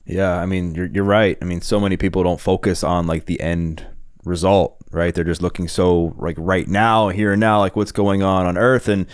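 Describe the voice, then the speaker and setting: Deep, smooth-voiced earnest male host. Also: little pitch movement, normal speed, no echo, clean studio sound. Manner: earnest, with frequent "like" fillers. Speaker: podcast host. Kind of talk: casual interview chat.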